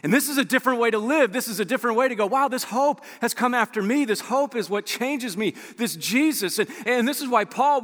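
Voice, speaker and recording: A man preaching a sermon as a pastor, animated and conversational, acting out quoted voices as he tells stories. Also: very high-pitched, in a large hall.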